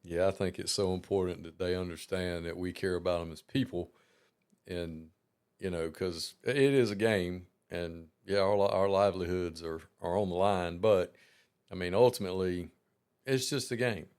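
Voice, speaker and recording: Man, podcast host, very low voice, smooth resonant tone, easygoing chat. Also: fairly even intonation, moderate pace, a little mellow. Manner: easygoing, conversational, many "you know" fillers. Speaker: podcast host interviewing coaches. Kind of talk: casual interview.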